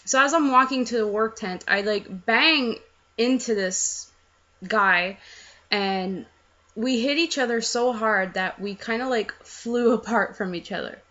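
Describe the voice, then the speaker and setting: A woman's voice: a little high, a little slow, a bit bright, dull audio. A young woman casually telling a rambling, self-mocking story to the camera.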